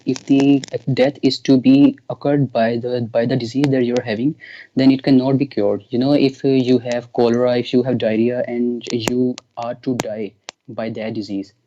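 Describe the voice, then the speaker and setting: A man calling into a live online debate, explaining patiently but hesitantly, with many pauses and filler sounds. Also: mid-range voice, flat delivery, dark tone, slight background noise. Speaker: debate caller. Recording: muffled lo-fi call audio.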